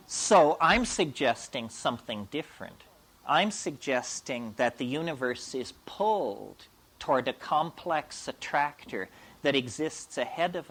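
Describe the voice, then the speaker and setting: A man's voice: mid-range voice, a bit bright. A man giving a public lecture in a provocative, emphatic and wry way.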